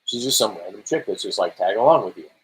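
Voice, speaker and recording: A man's voice: lowish voice, fast, slightly rough, poor audio. A man co-hosting a casual podcast about video games, telling stories and acting out quoted lines. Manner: animated storytelling, acts out quotes. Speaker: podcast co-host.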